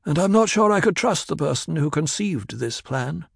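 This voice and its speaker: A man puts on a proud, bearded desert scientist who answers in short, blunt words. The voice sits high and raised, recorded dry and close. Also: lively intonation, normal speed, creaky, breathy edge, no room sound, exaggerated voice. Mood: curt.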